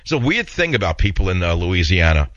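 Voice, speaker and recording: A man's voice: sits low, sing-song, fairly quick, a bit bright, dry recording, highs cut off. A man with a heavy New York accent hosting a talk radio show, opinionated and rambling in a blunt monologue.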